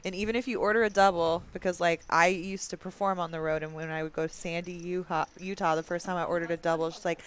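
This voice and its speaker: A woman's voice: lowish voice, steady tone, fast talker, few pauses. A woman commentating a live poker stream in a playful, teasing way, laughing often.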